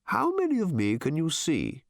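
A man voicing a strange, chatty, shape-shifting bird-like machine in an audiobook, its pitch jumping from very high to very deep. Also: gravelly, no echo, studio quality, full character voice. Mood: matter-of-fact. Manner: shifts pitch wildly, calm and briskly matter-of-fact. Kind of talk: audiobook character voice.

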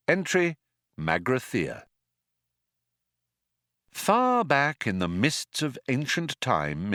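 A male audiobook narrator reads a script slowly and with wild expressiveness. His voice is medium-pitched, and the studio-quality recording is dry.

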